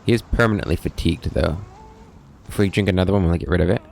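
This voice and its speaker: A man's voice: low-pitched, very fast, creaky, a little mellow, slight background noise. A man hosting a let's play, thinking aloud and reading game text as he plays. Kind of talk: gameplay commentary.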